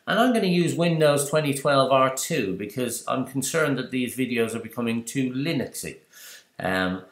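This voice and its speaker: A man presenting a screen-recorded software tutorial, chatty and explanatory, asking and answering his own questions. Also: mid-range voice. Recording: roomy echo.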